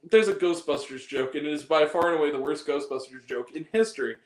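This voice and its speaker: A high-pitched man rants profanely about bad movies, sliding into exaggerated mocking voices as he goes. His voice rings in a roomy, echoey space, and the talk stays loose and exasperated. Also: fast talker. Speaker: podcast host. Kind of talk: casual movie ranting.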